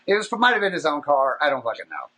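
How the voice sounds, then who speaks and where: Lively, bright-voiced man telling a story. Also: a little high, quick pace. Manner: animated, profane, rambling anecdote. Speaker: podcast host. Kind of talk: casual storytelling.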